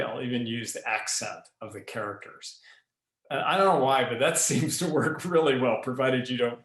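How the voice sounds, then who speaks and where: A man speaks as a guest on a podcast, laying out ideas about leadership with a voice of middling pitch. He deliberately slows down, pauses and groups his words for emphasis. The recording carries a noticeable echo from the room. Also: a bit bright. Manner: explanatory, varies pace and pauses deliberately. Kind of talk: podcast interview.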